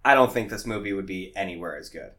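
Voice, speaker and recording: A man's voice: low-pitched, quick pace, a bit bright. A man co-hosting a podcast, chatting casually about a movie with lots of fillers, tangents and laughter. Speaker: podcast co-host. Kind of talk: casual movie-review chat.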